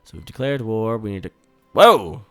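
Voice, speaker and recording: A man giving casual, swear-laced commentary while playing a strategy game, bursting out loudly when things go wrong. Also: fairly low pitch, lively intonation, moderate pace, dry recording, faint music behind. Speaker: gaming YouTuber.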